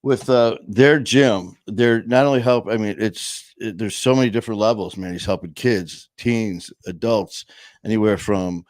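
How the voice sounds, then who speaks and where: Rambling low-voiced man hosting a show. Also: normal speed, no echo. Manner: rambling, lots of fillers and restarts. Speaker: podcast host. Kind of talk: casual chat. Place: home studio. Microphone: headset.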